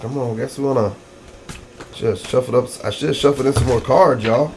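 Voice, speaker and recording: With slight background noise behind him, a man at medium pitch and moderate pace reads tarot casually for his audience. He's hyped up and slangy, cycling through catchphrases and calling out to viewers.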